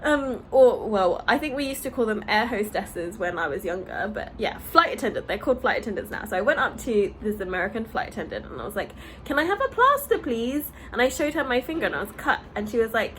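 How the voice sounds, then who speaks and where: A young British woman vlogs from her home balcony, telling rambling stories in a chatty way packed with fillers. Her mid-range, fairly bright voice is expressive and fast, with hardly any pauses. The recording is rough, with a little hiss or hum.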